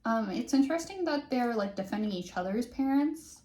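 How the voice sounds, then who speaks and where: A woman's voice: fairly high pitch, lively intonation, moderate pace, dark tone. Wry young woman reading aloud. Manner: wry, sarcastic asides. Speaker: book reader and commentator. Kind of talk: reading a teen novel aloud with commentary. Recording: roomy echo.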